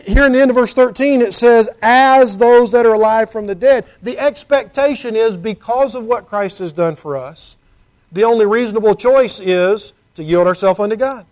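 A man's voice: sits high, darkish tone. A man preaching a sermon in an earnest, conversational way, asking his listeners rhetorical questions and reading scripture aloud. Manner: reads scripture in King James wording.

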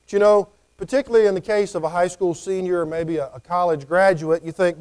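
A man's voice: high-pitched, brisk, darkish tone, smooth. A man preaching a conversational sermon, often acting out what people might say. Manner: conversational, acts out quoted voices.

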